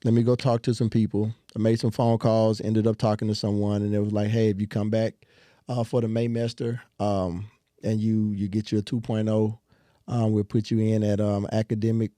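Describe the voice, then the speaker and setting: A young man talks through his story in a low, warm voice. He speaks earnestly, with frequent pauses and self-corrections. The sound is close and dry. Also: level tone, no echo. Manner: earnest, storytelling, many ums and restarts. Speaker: guest. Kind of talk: casual interview talk.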